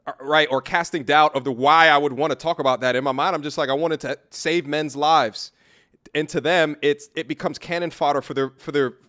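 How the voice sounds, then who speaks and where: A man's voice: fairly high pitch, fairly even intonation, fairly quick, bright, forceful tone. A man casually commenting on an interview clip, loose and rambling, laughing often. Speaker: reaction streamer.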